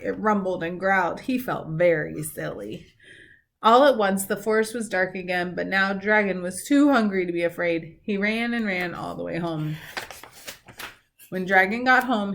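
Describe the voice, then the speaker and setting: A woman from a school reading a storybook aloud to students, with animated, chatty asides to the children. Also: mid-range voice.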